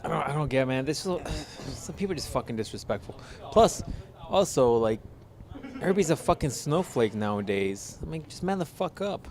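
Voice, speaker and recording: A man's voice: a little high, expressive, brisk, darkish tone. Blunt, profane young man chatting. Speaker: podcast co-host. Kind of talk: casual podcast banter. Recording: faint background noise.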